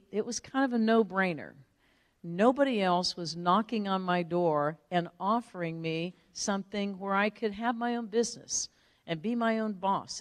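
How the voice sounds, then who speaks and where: A woman with a mid-range voice gives an energetic motivational speech to an audience, telling her story animatedly and frequently tagging lines with "right?". The recording is dry yet has a big-room sound.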